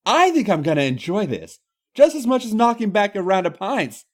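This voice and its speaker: A man voicing a brash, hard-drinking Irish woman wrestler who talks loudly and crudely in a thick Irish accent. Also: sits high, very animated, normal speed, pitched above the performer's own voice. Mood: brazen. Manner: loud, foul-mouthed, boisterous.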